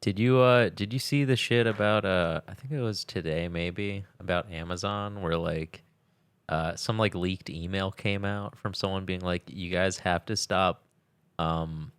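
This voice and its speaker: A man's voice: sits low, steady tone, a little slow, clean tone, dry recording. A young man co-hosting a podcast, telling stories in a rambling casual way with laughs. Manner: rambling, laughs between lines. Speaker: podcast co-host. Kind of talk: casual chat.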